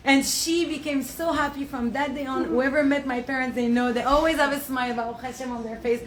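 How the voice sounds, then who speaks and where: A high-pitched young woman gives a Torah class to a small audience, telling stories with animation and frequent laughter, dropping in Hebrew and Yiddish words. The room is echoey, with a faint hum of ambience behind her. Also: brisk, few pauses. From south of France. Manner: animated storytelling, laughs often; mixes in Hebrew and Yiddish terms. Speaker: Torah teacher. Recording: roomy echo, faint ambience.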